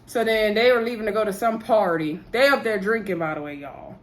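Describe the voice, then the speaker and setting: A woman with a medium-pitched, brisk voice vlogs a loose, rambling recap of a TV episode. She chats right to her viewers and peppers the talk with frequent "so anywho" asides.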